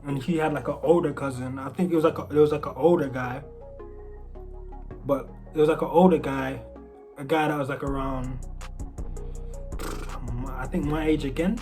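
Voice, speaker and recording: A British-accented man with some lingering American traces casually tells a story as a storyteller vlogger, his voice on the high side with a steady, darkish tone. He speaks at a moderate pace but pauses often, rambling and restarting with plenty of fillers while faint music plays behind him.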